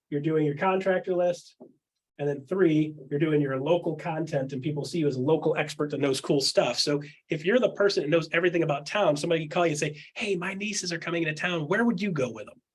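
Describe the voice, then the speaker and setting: Coaching real estate agents one-on-one, a man speaks candidly in a somewhat high, husky voice. He hammers points with quick rhetorical questions and mimics other people's voices when quoting them.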